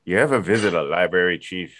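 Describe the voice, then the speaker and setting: A man's voice: sits low, quick pace, fairly bright tone, slight background noise. A man in a casual podcast chat, teasing the others in a mock-scolding way.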